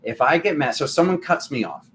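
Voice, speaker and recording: Man, tarot channel host, casual spiritual chat, rambling, animated, restarts often, faint hiss behind. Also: fairly high pitch, a little fast.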